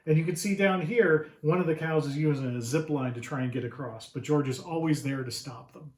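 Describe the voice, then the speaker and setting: A man's voice: on the high side, brisk. Man reading a picture book aloud. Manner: animated, asks children questions. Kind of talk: children's read-aloud. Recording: roomy echo.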